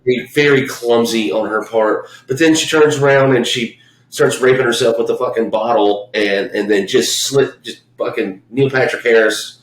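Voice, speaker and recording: A man's voice: medium pitch, moderate pace. Blunt, profane man in an echoey room. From Memphis, US South. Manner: blunt, profane, rambling with restarts. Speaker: podcast co-host. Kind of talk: casual profane film chat.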